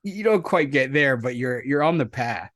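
A man's voice: medium pitch, expressive, normal speed, fairly bright tone, no room sound. A man with a mid-range voice chats as a radio studio guest, easygoing and wry. He goes along with the host and adds his own dry remarks. The sound is dry and close-miked. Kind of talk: casual studio chat. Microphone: studio microphone.

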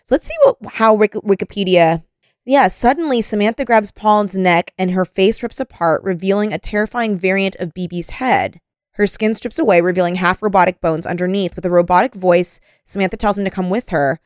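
A woman's voice: medium pitch, fairly quick, no room sound, studio quality. Chatty woman hosting a podcast. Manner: agreeable, reads plot summaries aloud, frequent "like". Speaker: podcast host. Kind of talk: casual podcast chat.

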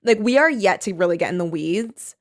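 Animated woman gushing about a book. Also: fairly low pitch, fairly quick. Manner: animated, laughs often, acts out quotes. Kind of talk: casual book discussion.

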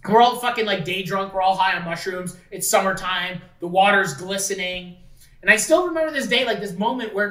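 Woman rambling and swearing, bright voice, kinda far from the mic in a roomy space. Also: mid-range voice, a little fast. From Canada. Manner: rambling, profane, full of "like". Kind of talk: casual chat.

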